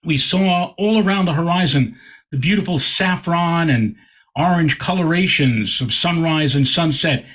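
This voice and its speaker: Astronomer guest, male, husky slightly high voice, animated storyteller. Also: unhurried. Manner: animated, repeats words while telling a story. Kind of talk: anecdotal storytelling in interview.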